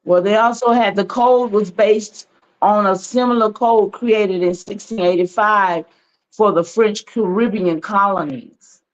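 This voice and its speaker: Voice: medium pitch, measured pace, muffled recording. A panelist in a history discussion, explaining in a conversational way.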